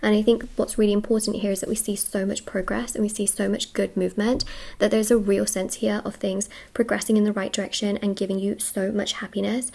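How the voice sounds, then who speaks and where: A woman reading tarot cards for her viewers in a quick, gushing, reassuring flow. She is a little out of breath and keeps sliding in fillers as she talks, with a voice of middling pitch. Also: level tone, creaky, a little mellow. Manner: fast-talking, gushing, reassuring, many fillers. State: short of breath. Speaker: tarot reader. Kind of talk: casual spiritual reading to camera.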